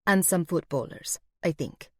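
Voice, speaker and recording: A woman voicing a female waitress with a thick Eastern European accent and a bland, flat delivery. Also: on the low side, measured pace, no echo, studio quality.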